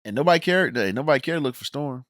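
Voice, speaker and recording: A man reviewing a show in an animated, exasperated rant, blunt and full of slang. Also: medium pitch, very fast, dry recording, studio quality. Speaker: video reviewer.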